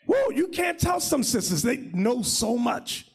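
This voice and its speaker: A man leading a religious class as bishop, preaching in a loud, mocking, shouting manner. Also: very high voice, sing-song, unhurried, gravelly, few pauses, breathy edge. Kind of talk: fiery religious teaching.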